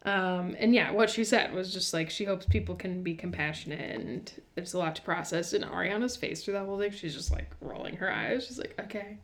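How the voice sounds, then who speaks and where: A young adult woman co-hosting a casual podcast, recapping reality TV with sardonic asides and deadpan impressions of the cast. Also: lowish voice, brisk, hardly any pauses. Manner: dry, sardonic, mimics cast members in deadpan voices. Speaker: podcast co-host.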